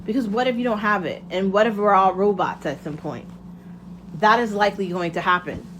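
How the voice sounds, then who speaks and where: A woman's voice: medium pitch, a little fast, fairly bright tone, a little hiss or hum. A woman hosting her own show, talking through a casual motivational monologue in a candid, rambling way and swearing freely. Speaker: podcast host.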